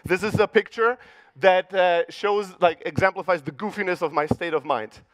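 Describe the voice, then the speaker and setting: A middle-aged Greek man tells stories to a conference crowd with a Greek accent and plenty of swearing. His voice sits high. The sound is dry and close, with no room echo. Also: normal speed. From Greece. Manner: profane, punchy storyteller acting out dialogue. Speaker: conference speaker. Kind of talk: motivational keynote storytelling. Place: conference stage.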